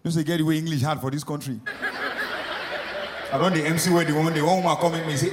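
Nigerian comic MC in an echoey room. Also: male voice, fairly high pitch, fairly even intonation, fast talker, long pauses, over a noisy crowd. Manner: storytelling, acts out the people he meets. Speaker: stand-up comedian and MC. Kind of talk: stand-up comedy. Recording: echoey live room with loud noise.

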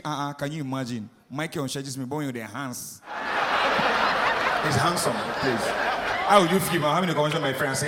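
A Nigerian man doing stand-up comedy, animated and mixing pidgin with English as he acts out characters. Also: fairly high pitch, quick pace, noisy background.

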